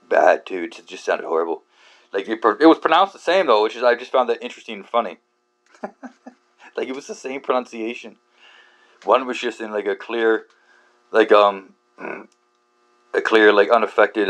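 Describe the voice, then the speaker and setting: A man hosting a book channel, talking through a rambling casual monologue, halting with many fillers and restarts, swearing often and laughing at himself. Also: lowish voice. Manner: self-deprecating, laughs at himself.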